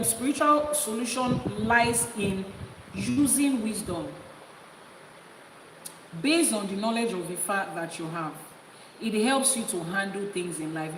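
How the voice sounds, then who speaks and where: A woman's voice: medium pitch, recorded from a distance. A woman with a Nigerian accent giving an emphatic spiritual teaching as an Ifa priestess, repeating key points for stress. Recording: echoey hall with background noise.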